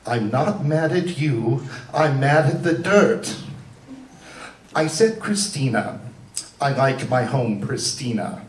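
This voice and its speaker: On a theater stage, a man with an animated, medium-pitched voice slowly performs as an aging woman film starlet in a live comic a cappella show. She's haughty, obsessed with cleanliness and indignant, defending herself in theatrical rhyming lines picked up by a distant mic in a roomy hall.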